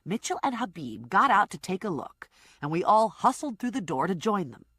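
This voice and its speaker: A woman's voice: medium pitch, very animated, moderate pace, a bit bright, breathy edge, dry recording. A woman narrating a comic audiobook in first person with dry, wry storytelling.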